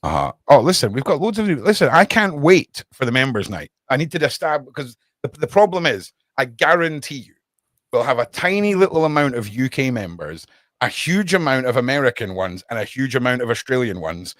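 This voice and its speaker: A man's voice: mid-range voice, sing-song, fairly quick, a bit bright, no echo, studio quality. A man hosting a casual livestream podcast from his home desk, rambling and chatting with viewers by name.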